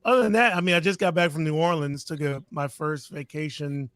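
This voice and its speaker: A man on a casual podcast, telling stories in a relaxed way with small chuckles. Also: a little high, a little fast, dry recording. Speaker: podcast co-host. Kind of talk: casual chat.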